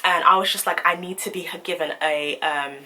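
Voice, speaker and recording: A young woman telling a story in a vlog, animated and indignant as she recounts it. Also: lowish voice, fairly quick, rough recording. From United Kingdom. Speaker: vlogger.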